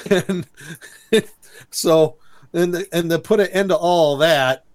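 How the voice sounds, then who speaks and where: Fairly high in pitch but darkish in tone, a man speaks slowly while co-hosting a podcast. In casual chat he walks through a cartoon episode, laughing and doing silly voices for the quotes.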